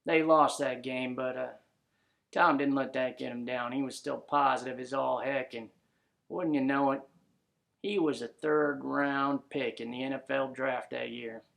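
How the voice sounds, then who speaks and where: A man's voice: medium pitch, fairly even intonation, a little slow, creaky, a bit bright. A man narrating a comic story in a laid-back drawl full of folksy slang.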